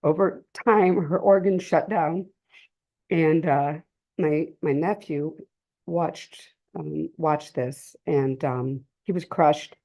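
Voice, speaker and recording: Middle-aged woman, low-pitched, soft warm tone, emotional halting testimony, live audience talk. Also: steady tone. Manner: emotional, halting, many pauses and restarts. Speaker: speaker sharing a family story at a drug-prevention session. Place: community cultural center, in person.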